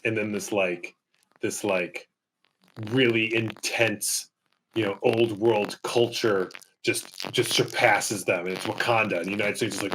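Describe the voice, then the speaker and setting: A man chatting as a podcast guest, telling a rambling, animated take while his mic crackles with electrical feedback. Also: fairly low pitch, a little slow. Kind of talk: casual chat.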